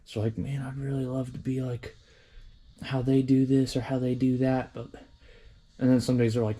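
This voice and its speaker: Young guy vlogging from his workshop, dark mellow tone, loose and rambling, swears a lot, pokes fun at himself. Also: medium pitch, level tone, normal speed. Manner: rambling, profane, self-deprecating. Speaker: hobby vehicle restorer. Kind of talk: casual workshop vlog.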